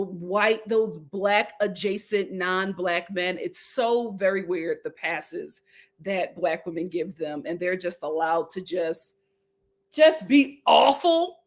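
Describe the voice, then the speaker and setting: A woman's voice: medium pitch, unhurried. A woman hosting a casual reality show recap, reading out viewer comments and repeating her lines for emphasis.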